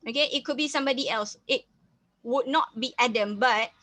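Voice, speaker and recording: A woman's voice: on the high side, a little fast, fairly bright tone, no room sound. Malaysian woman teaching a reading lesson. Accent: Malaysian English. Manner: code-switches to Malay, repeats and restarts often. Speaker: English teacher. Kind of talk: reading lesson, explaining a story.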